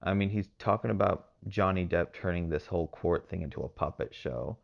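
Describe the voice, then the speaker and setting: A man's voice: low voice, a little fast, vocal fry, lo-fi sound. A man from Texas hosting a podcast, giving rambling casual commentary with lots of fillers and hedges. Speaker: podcast host.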